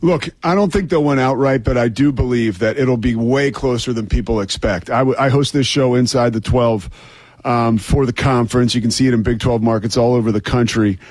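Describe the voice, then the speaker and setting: A male play-by-play announcer talking football in a loose, rambling way and laughing easily. His voice has a husky edge at a mid pitch. It sits dry and close on the mic. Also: a little fast, a little mellow, dry recording. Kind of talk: casual sports talk.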